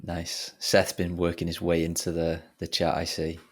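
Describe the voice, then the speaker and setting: Low-pitched man, relaxed co-host, dry humour, casual chat. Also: moderate pace. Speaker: podcast co-host. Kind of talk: casual podcast chat reading listener messages.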